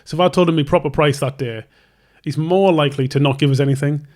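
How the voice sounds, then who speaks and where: A young man, a tattoo artist and podcast host, rambles casually through a long story, interrupting himself, restarting often, and playing both people in the conversation. His voice is fairly high and darkish in tone, and he talks fast.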